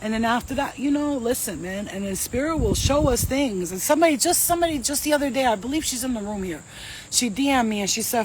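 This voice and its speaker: A woman's voice: on the high side, a little fast, a little hiss or hum, poor audio. A woman, a psychic medium and host, telling a story to a live audience in casual, streetwise slang, with lots of swearing. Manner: animated, profane, streetwise slang.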